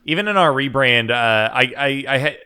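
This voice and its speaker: Bright, laughing man chatting on a podcast. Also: mid-range voice, normal speed, smooth. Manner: rambling, laughs often, many fillers. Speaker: podcast host. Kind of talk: casual podcast chat.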